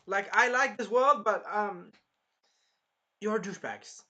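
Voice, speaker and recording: A man's voice: high voice, expressive, slow, pitched above the performer's own voice, heavily acted. A man acting out a fed-up betrayed young hero. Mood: pleading, fed up. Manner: shouting, exasperated outbursts.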